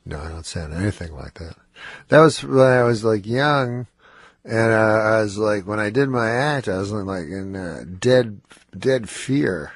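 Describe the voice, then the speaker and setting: A man guesting on a radio show, talking in a nasal, low, slightly slurred voice, dry and hesitant, tired and stuffed up from cold medicine. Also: expressive, unhurried, no echo. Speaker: comedian guest. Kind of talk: casual radio interview. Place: radio studio.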